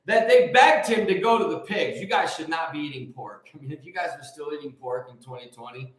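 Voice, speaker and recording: A man hosting a show and preaching casually, joking and rambling with lively energy. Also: high voice, normal speed. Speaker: host and preacher. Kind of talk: casual live preaching talk. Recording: very echoey room.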